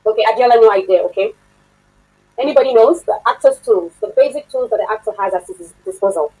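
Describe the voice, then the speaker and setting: Woman instructor, slightly high voice, chatty online class lecture, quizzes her students. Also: fast, warm tone, low-quality recording. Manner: chatty, laughs often, asks the class questions. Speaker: workshop instructor.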